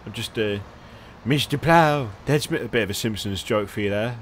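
A man's voice: fairly low pitch, steady tone, fast talker, slight background noise. A young man giving casual, sweary commentary as he struggles with a game, muttering to himself and laughing. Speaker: gamer.

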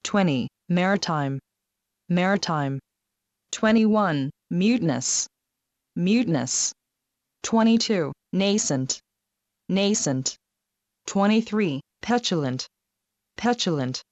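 Female word-list reader, unhurried and even, each word repeated twice, muffled dry recording. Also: lowish voice, dry recording. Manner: reads numbers then each word twice, measured and even. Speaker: vocabulary reader. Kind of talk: slow word-list drill reading.

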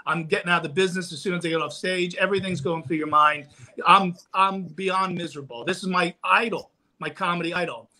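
A guest comedian in a podcast studio tells a stand-up story in a relaxed way, his voice high-pitched and brisk. He's animated and acts out the quotes as he goes.

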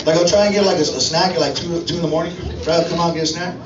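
A man's voice: fairly high pitch, fairly even intonation, racing. A man performs a stand-up comedy set in a club, chatting with the crowd and constantly asking "right?". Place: comedy club stage before a live audience. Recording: echoey club audio from a distance, dull.

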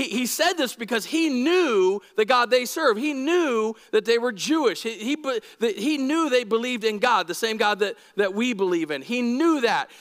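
A male pastor with a high voice gives a conversational, animated sermon and keeps asking his listeners questions. His voice rings with the long echo of a church hall.

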